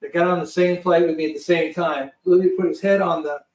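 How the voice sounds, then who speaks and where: A man telling a lively story as a podcast guest, swearing freely and restarting his sentences often. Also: a little high, fast talker, roomy sound, recorded from a distance, poor audio. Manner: profane, lively, full of restarts. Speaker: guest producer. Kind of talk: animated storytelling.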